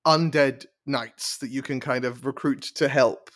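A man's voice: mid-range voice, fairly even intonation, measured pace, fairly bright tone. A man in casual podcast chat, talking enthusiastically with frequent stumbles and restarts.

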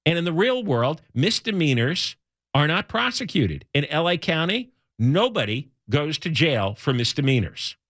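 A man's voice: fairly high pitch, sing-song, normal speed, fairly bright tone, no room sound, studio quality. A middle-aged male talk radio host delivering an indignant, sarcastic monologue with heavy emphasis.

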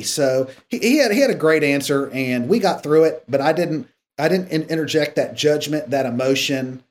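With a fairly high voice and hardly any pauses, this podcast guest talks at normal speed, telling stories casually in an interview. He brings them to life by acting out the dialogue.

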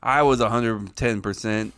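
A man's voice: on the low side, measured pace, a bit bright, clean tone, dry recording, studio quality. A man hosting a podcast, chatting casually with heavy swearing and teasing. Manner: profane, teasing. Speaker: podcast host.

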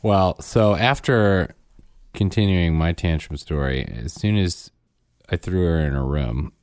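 A man's voice: low voice, measured pace, a little mellow, no echo, studio quality. A man co-hosting a casual chat, telling a family story with self-corrections and acted-out quotes. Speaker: podcast co-host, father.

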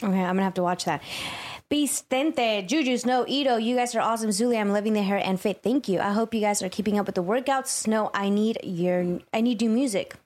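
A woman co-hosting a livestreamed podcast, reading viewer super chats one after another. She keeps an upbeat tone and laughs easily. Her voice sits at a middle pitch for a woman. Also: a little fast, darkish tone. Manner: upbeat, laughs often while reading names. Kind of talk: casual chat.

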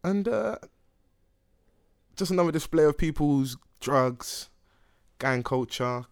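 A man's voice: fairly high pitch, lively intonation, slow pace, smooth. A young man hosting a casual podcast, laid-back and full of banter, swearing freely. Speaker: podcast host.

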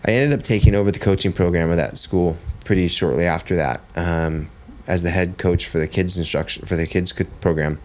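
A man's voice: low voice, fairly even intonation, a little fast, hardly any pauses. A man in his thirties, a jiu-jitsu coach and father, telling stories in casual podcast chat, blunt and swearing freely. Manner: blunt, swears freely, says "dude" often.

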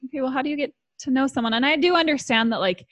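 A woman's voice: sits high, rapid-fire, fairly bright tone, dry recording, highs cut off. Casual podcast host woman in her thirties, dry sound, reacts and laughs a lot. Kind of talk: casual chat.

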